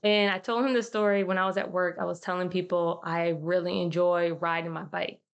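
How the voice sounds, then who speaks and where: Chatty woman podcast host, lowish voice. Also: flat delivery, fairly quick, vocal fry. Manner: slangy, chatty, addresses listeners as y'all. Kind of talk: casual solo podcast monologue.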